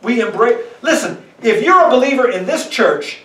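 A man's voice: extremely high pitch, expressive, normal speed, a bit bright, distant mic. Male pastor preaching in an echoey church. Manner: conversational preaching, acts out quoted voices. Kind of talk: sermon. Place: church sanctuary.

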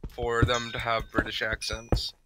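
A man from the Philadelphia area talks bluntly over a voice chat while gaming, cursing when things go wrong. His voice sits at an ordinary pitch. Keyboard clicks and typing carry clearly behind him. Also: completely flat delivery, measured pace, background noise. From Philadelphia area, USA. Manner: blunt, swears while playing. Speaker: gamer.

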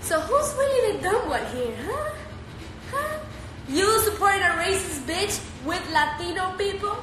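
A high-voiced teenage girl talks slowly and unhurriedly on a phone live stream, brash and foul-mouthed but playful. Her voice sounds roomy, with steady noise behind it. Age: teens. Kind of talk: casual live-stream chat reading viewer comments.

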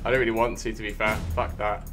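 A young British man giving sweary, jumpy commentary over his own gameplay, hushed one moment and yelling the next. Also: on the low side, level tone, fast talker, soft background music. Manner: jumpy, swears a lot, shifts from hushed to shouting. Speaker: gaming YouTuber.

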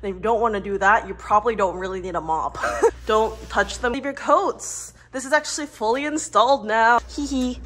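A woman's voice: fairly high pitch, brisk, fairly bright tone, a little hiss or hum. A woman in her twenties giving a chatty, playful tour of her art studio, with giggly asides, recorded on a phone indoors. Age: 20s. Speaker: vlogger and illustrator. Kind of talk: casual studio tour vlog. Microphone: phone camera mic.

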